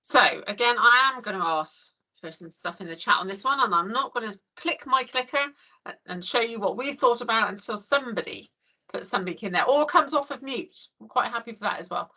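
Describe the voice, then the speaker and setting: A woman's voice: a little high, expressive, fairly quick, pushed and bright. An English woman leading an online training session over a video call, chatty and full of "you know". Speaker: early years trainer.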